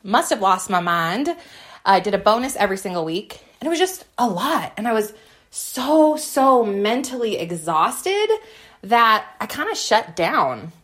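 A woman's voice: medium pitch, very animated, unhurried, fairly bright tone. Bubbly chatty woman podcast host. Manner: bubbly, chatty, laughs at herself. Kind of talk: upbeat solo podcast chat.

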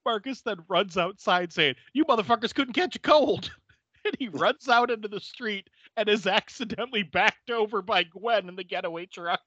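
A man's voice: sits high, moderate pace, sharp tone, dry recording, lo-fi sound. A man hosting a podcast, recapping a movie in casual chat, laughing often and acting out the characters' lines. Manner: laughs often while retelling scenes; acts out quotes in exaggerated voices. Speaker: podcast host.

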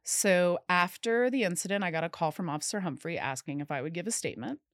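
Earnest woman with a low-set voice. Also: animated, quick pace, no room sound, studio quality. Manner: earnest, recounting events in detail, at times emphatic. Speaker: guest. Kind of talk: interview storytelling.

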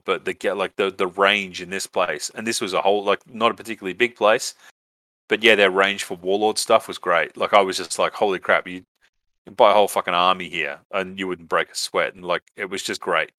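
Australian man, podcast host, rambling casual storytelling, swears a lot, low voice, bright tone. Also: steady tone, a little fast, dry recording. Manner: rambling, swears freely, many fillers.

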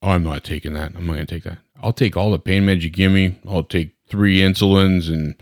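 A stubborn older patient with a put-on Southern drawl who waves away any talk of medication, as a man acts him out. The voice sits very low and gruff. It is recorded bone dry, with no room sound. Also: steady tone, brisk, no echo, natural voice. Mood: stubborn, dismissive. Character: stubborn older male patient refusing meds.

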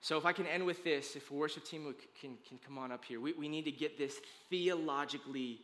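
A man serves as pastor, delivering a sermon in a bright, high voice. He talks casually and emphatically, with slang and quick restarts. The sanctuary around him adds a long, ringing reverb. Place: church sanctuary.

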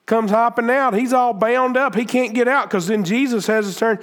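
A man's voice: extremely high pitch, fairly quick, hardly any pauses, fairly bright tone. A man preaching a sermon as pastor, earnest and emphatic, repeating phrases and restarting his sentences.

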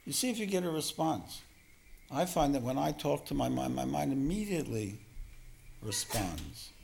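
A man giving a spiritual teaching talk as a meditation teacher, gentle and self-deprecating, often chuckling. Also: mid-range voice, sing-song, moderate pace, creaky, slight background noise.

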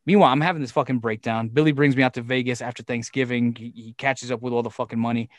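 A man as an interview guest, telling a long story in a profane, animated way and acting out what people said. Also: mid-range voice, fast, dry recording. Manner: profane, animated storyteller who acts out quotes. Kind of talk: casual storytelling.

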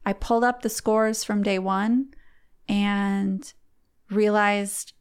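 A middle-aged woman, a guest on a podcast, telling a personal story in a heartfelt, halting way with frequent restarts. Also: medium pitch, steady tone, smooth. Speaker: podcast guest, competitive archer.

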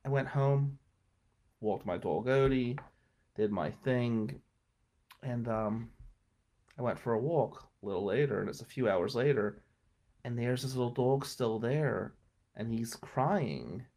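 A middle-aged man with a voice pitched in a plain middle register tells a story in a relaxed, conversational way. He is blunt and swears easily, and he gets animated, pushing hard on big moments and dropping quiet for tender ones. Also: measured pace, long pauses. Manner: animated, emphatic, swings between loud and hushed. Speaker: podcast guest telling a life story. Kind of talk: casual storytelling.

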